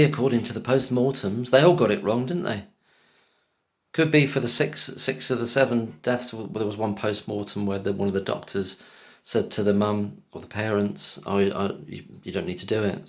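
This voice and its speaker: A man's voice: lowish voice, steady tone, normal speed. A man giving casual, scornful commentary on a podcast clip, cutting in with pointed questions. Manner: scornful, talks over clips with pointed questions.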